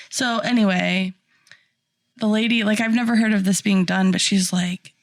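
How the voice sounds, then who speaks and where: A woman's voice: medium pitch, fairly even intonation, a little slow, no room sound. A young adult woman co-hosting a podcast, telling a story animatedly and acting out the people in it. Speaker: podcast co-host. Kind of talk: casual chat.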